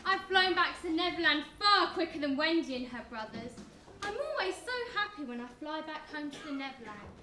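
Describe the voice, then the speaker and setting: A woman acting an eager, heroic flying boy in a pantomime, with bright dramatic delivery. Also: sits high, lively intonation, brisk, noisy background. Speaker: amateur stage actor. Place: community stage hall. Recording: echoey hall.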